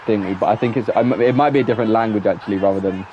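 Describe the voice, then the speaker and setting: A man's voice: on the low side, very fast, warm tone, muffled recording, a faint crowd, slight background noise. A young man streaming a game, chatting casually with viewers in a rambling way, filling his talk with "like" and breaking into laughter. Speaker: gaming streamer. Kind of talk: casual live-stream chat while playing.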